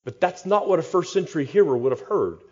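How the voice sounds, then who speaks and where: A man's voice: on the high side, lively intonation, fast, highs cut off. A man, a pastor, preaching an expository sermon with rhetorical questions and dry humor.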